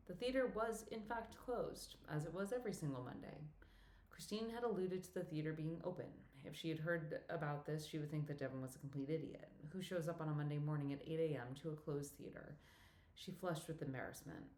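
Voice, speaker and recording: A woman with a low voice reads a novel aloud in a steady, even way. Her narration sounds scripted and measured. The recording has a roomy echo around it. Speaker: audiobook narrator.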